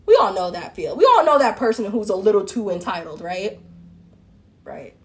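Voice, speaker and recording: A woman's voice: medium pitch, sing-song, normal speed. A woman delivering a casual opinion monologue to her followers, talking straight to the listener with lots of rhetorical questions and firm, blunt asides. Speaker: relationship commentator.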